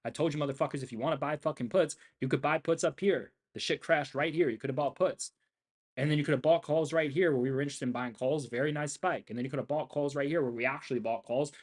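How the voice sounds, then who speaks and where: A brash young man commentating his own live trading stream. He swears constantly and rants with boastful confidence, repeating himself to drive each point home. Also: fairly high pitch. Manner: brash, profane and boastful, ranting.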